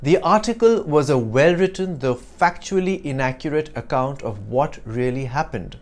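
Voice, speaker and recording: A man teaching an English lesson, explaining clearly and deliberately with wry asides. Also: on the high side, animated.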